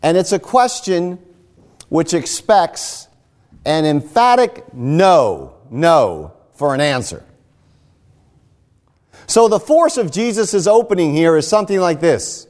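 A man's voice: fairly high pitch, very animated, slow pace, a little mellow. A man preaching a sermon, explaining a scripture passage step by step.

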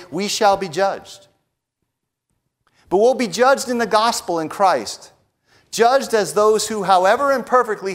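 A man preaching a sermon who often tags his points with a quick question and swings between hushed lines and raised declarations. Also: high-pitched. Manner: emphatic, often adds a tag question "right?".

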